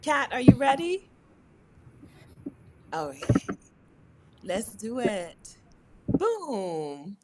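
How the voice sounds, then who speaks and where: A woman's voice: a little high, big pitch swings, very slow, long pauses, noisy background. A woman hosting a casual live-stream interview over a video call, chatty and encouraging. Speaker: host.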